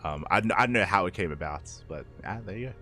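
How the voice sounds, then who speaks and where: A man with a mild Australian accent, tinged by a Spanish-speaking upbringing, casting an esports tournament in a relaxed, chatty live-stream manner, answering chat between games. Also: low-pitched, brisk, faint music behind. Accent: mild Australian, blended with Spanish-speaking upbringing. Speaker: esports caster. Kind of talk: casual live stream commentary.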